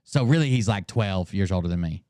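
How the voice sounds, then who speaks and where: A man in his thirties hosting a live stream, mocking and swearing, with bursts of shouting. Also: low-pitched, expressive, fairly quick, dry recording, studio quality. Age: 30s. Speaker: streamer host. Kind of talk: casual live-stream commentary.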